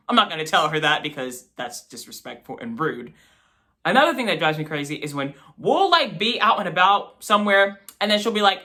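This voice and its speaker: An eighteen-year-old man hosting a vlog, telling casual, animated stories about his mother to the camera. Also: fairly quick. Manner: animated, mimics his mother with jumps in pitch. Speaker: vlog host.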